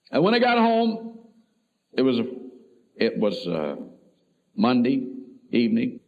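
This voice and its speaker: A middle-aged man, a pastor, telling an emotional personal story in a sermon, swinging between loud and soft. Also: mid-range voice, gravelly, breathy edge. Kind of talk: sermon testimony. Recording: tinny phone-like lo-fi recording.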